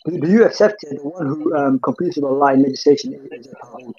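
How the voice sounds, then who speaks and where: A man's voice: a little high, fast talker, darkish tone, slightly rough, highs cut off. A man hosting a podcast debate, insistent and repeating his points, often tagging "yeah?". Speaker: podcast host. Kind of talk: heated religious debate.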